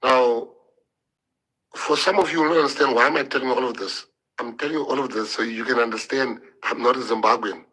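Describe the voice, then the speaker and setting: Husky, emotional man. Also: mid-range voice, steady tone, pushed and bright, low-quality recording. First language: Afrikaans. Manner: emotional, halting, repeats words. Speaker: politician. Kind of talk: impassioned public address.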